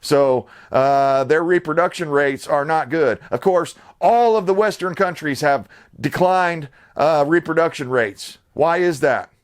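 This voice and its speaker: Blunt, rambling man with a higher voice. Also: unhurried. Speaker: channel host. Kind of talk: casual to-camera commentary. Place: suburban home.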